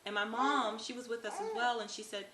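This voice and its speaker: A young woman, a new mother, earnestly recounting her story in halting casual speech with many fillers. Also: on the high side. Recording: echoey room with faint noise.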